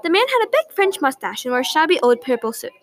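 A woman's voice: high voice, big pitch swings, fast, poor audio. A woman narrating a story aloud in an earnest way, with small slips and restarts. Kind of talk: storybook reading.

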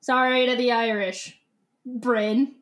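A woman's voice: on the high side, steady tone. A young woman co-hosting a podcast, chatting casually about a book, giggly and rambling. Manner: giggly, rambling, quick to laugh. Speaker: podcast co-host.

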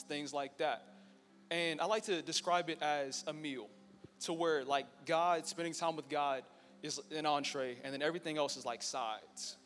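A man's voice: fairly high pitch, fairly bright tone. Young man sharing testimony in a church hall. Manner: casual, storytelling, joking with the crowd. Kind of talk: personal testimony to a live audience. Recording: long reverb in a church hall with faint music.

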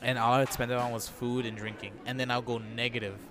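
A man's voice: medium pitch, flat delivery, brisk. A man talking as a podcast guest in casual chat, laid-back, swearing a lot and laughing at himself.

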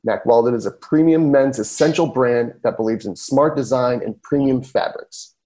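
A man's voice: mellow, poor audio. Upbeat man reading a podcast ad. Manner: upbeat, chatty pitch. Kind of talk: casual host-read ad.

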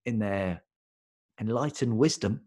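A man's voice: fairly low pitch, unhurried, dark tone. A young man, co-hosting a casual chat podcast with a dry, self-mocking humor. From England. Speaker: podcast co-host.

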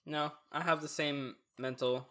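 A man's voice: a little high, unhurried. A young man and college student hosting a casual chat, asking easy questions and laying out his thoughts. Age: young adult. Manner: relaxed, prompting questions, lays out his thoughts.

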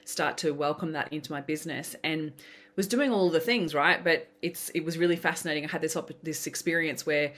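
A woman's voice: deep voice, fairly quick. A woman, a podcast guest and business coach, chatting casually and acting out the voices in her stories. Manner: animated storytelling, acts out quoted voices. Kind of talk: casual interview chat.

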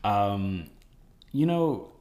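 A man's voice: fairly low pitch, lively intonation, very slow, darkish tone. A man hosting a podcast, responding to his guest in an appreciative, conversational way. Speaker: podcast host. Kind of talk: conversational interview.

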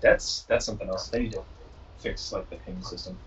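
A man with a low, flat voice talks quickly and a little hesitantly, sounding set back from his mic. The dull call audio carries a faint hiss. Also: distant mic. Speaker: podcast co-host. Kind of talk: casual chat on a conference call.

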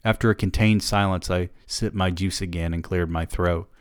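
A man hosting a podcast, reading first-person fiction aloud with measured, even narration. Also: low voice, no echo, clean studio sound.

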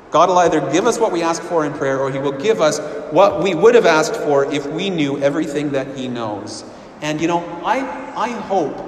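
A man's voice: on the high side, slight background noise. A man preaching a sermon with earnest emphasis, often repeating and restarting words. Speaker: pastor. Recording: echoey hall with long reverb.

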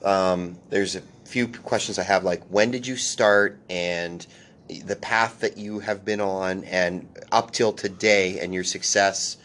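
Host guy, kinda low voice, earnest, feels his way through what he's saying. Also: steady tone, a little slow, fairly bright tone. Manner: earnest, searching for words. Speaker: podcast host. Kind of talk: casual conversation.

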